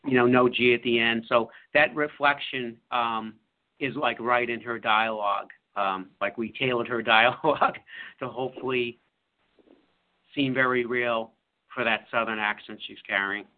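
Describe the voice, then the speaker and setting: Man, author guest, halting, lots of fillers, phone-like sound. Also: mid-range voice, fairly even intonation. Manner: halting, full of fillers and restarts. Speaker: author being interviewed. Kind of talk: casual radio interview. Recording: phone-like line.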